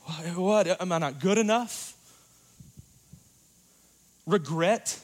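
Guy preaching a sermon, kinda high voice, chatty w lots of "like", gets loud then quiet. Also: slow pace, pauses often. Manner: dynamic, swings from loud to hushed; conversational, uses "like" and "you know".

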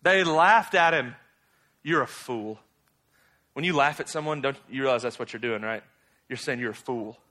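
Male pastor, bright and forceful tone, casual storytelling sermon with playful slangy asides. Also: moderate pace. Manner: conversational preaching, acts out bible characters with slangy asides; rises to loud, high exclaims when animated.

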